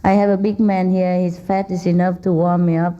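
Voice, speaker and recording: A woman's voice: on the low side, dark tone, dull audio, a little hiss or hum. A woman spiritual teacher giving an informal talk to an audience in a hall, teasing and laughing often, in simple non-native English.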